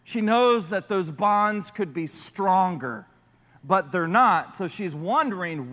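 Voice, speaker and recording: A man preaching a sermon as a pastor, playful and animated as he talks to the congregation. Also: high-pitched, slow pace, long reverb tail.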